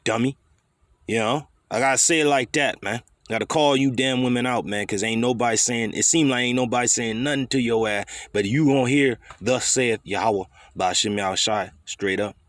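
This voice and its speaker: A man's voice: medium pitch, moderate pace, fairly bright tone, dry recording. Man preaching bluntly, profanely. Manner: profane, confrontational, street slang. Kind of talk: blunt scripture sermon.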